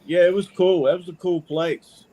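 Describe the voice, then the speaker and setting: Chatty middle-aged man with a higher voice. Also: steady tone, moderate pace, mellow. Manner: chatty, folksy, says "man" often. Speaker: caller. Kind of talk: casual storytelling.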